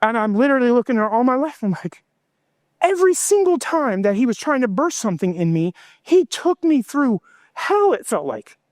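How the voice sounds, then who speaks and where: A middle-aged male pastor preaching a sermon with fervor, slowing down for emphasis and acting out prayers and quotes. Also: very high-pitched, very animated, dry recording, studio quality. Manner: impassioned preaching, voicing God and himself in quotes.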